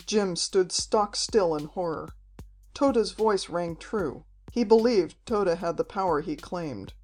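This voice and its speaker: A woman reading an adventure novel aloud in steady, scripted narration. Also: on the low side, measured pace, faint music behind. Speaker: audiobook reader.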